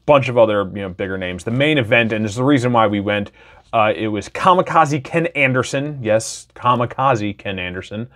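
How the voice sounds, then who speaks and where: A man's voice: lowish voice, fairly quick, fairly bright tone. A man in his thirties from Wisconsin telling his personal story in a candid, enthusiastic, casual way. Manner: candid, enthusiastic, loose with fillers. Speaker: podcast host.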